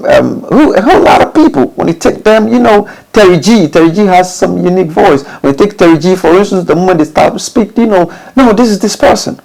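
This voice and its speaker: A man giving informal advice to recording artists, often restarting phrases and asking rhetorical questions. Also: low-quality recording. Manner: repetitive, restarts phrases, rhetorical questions, lively pitch swings. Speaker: music studio instructor.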